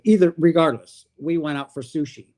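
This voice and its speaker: A man hosting his own livestream, telling a personal spiritual story in a casual, animated way and acting out what people said. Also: a little high, moderate pace. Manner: animated, acts out quoted dialogue. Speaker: livestream host.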